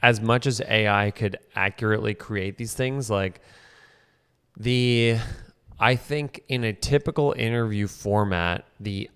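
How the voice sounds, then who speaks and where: A man's voice: lowish voice, unhurried, a bit bright, clear, resonant tone, long reverb tail. A young man co-hosting a podcast in casual chat, joking and self-mocking, often restarting his sentences. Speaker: podcast co-host.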